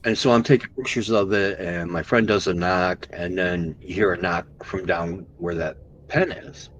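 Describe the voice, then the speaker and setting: A man as a podcast guest, recounting an encounter story animatedly and slowing down for the tense moments. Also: deep voice, fairly even intonation, highs cut off, a little hiss or hum.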